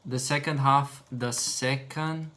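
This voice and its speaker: A man's voice: mid-range voice, fairly even intonation, takes it slowly, fairly bright tone. A man talking to himself while editing video, muttering and swearing in exasperation. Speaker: video editor streaming his work.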